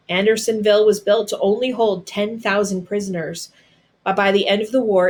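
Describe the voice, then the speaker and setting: A woman reading a storybook aloud, with measured, dramatic storytelling. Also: mid-range voice, darkish tone. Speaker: storybook reader. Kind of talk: read-aloud storybook narration.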